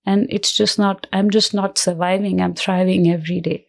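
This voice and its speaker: A woman guest in an interview, speaking earnestly and reflectively in halting phrases, emotional with her voice cracking at times. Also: medium pitch, little pitch movement, vocal fry. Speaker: guest, cancer survivor. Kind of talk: personal interview talk.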